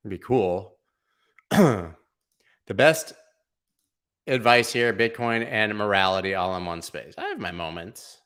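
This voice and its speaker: A man hosts a casual crypto livestream, speaking in a somewhat low, slightly slow voice with a fairly bright tone. He's laid-back and chatty, using lots of slang, reading viewer comments aloud and talking through price charts.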